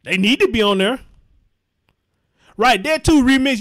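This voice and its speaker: A man's voice: very high voice, lively intonation, a little slow, pauses often, fairly bright tone. A man hosting a live commentary show, reading chat comments aloud and reacting bluntly, with lots of profanity and repetition for emphasis. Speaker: host.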